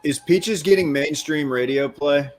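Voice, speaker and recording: A man in casual comedic banter, dropping dry, deadpan asides. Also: on the high side, unhurried. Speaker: panelist.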